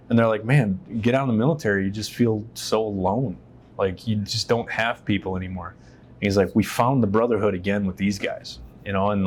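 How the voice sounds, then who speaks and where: A man's voice: fairly low pitch, a little hiss or hum. A man and military veteran, an interview guest telling personal stories in a casual, candid way, swearing freely and acting out the voices of people he quotes. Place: stage in his shop.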